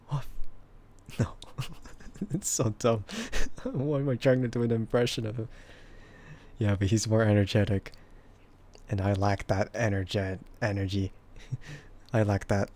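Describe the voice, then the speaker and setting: A VTuber streamer with a warm, husky, bass-heavy voice talks casually with his viewers, laughing frequently between comments.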